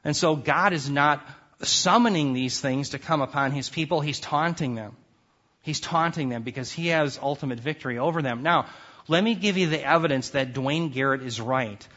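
A man's voice: a little high, moderate pace, a bit bright. Emphatic male Bible lecturer, lo-fi. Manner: emphatic, reads scripture aloud with rising force. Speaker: Bible teacher. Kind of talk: classroom lecture on scripture.

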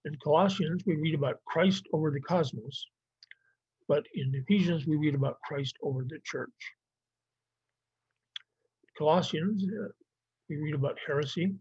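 A man's voice: on the high side, normal speed, long pauses, a little mellow, husky, no echo. A man teaching a Bible survey lesson, explaining plainly with some fillers and restarts. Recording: dry, muffled lo-fi recording.

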